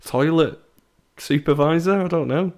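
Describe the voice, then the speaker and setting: A man's voice: a little high, normal speed, darkish tone. A young man hosting a podcast, telling stories in a chatty way with laughs and stammered restarts. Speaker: podcast host. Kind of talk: casual chat.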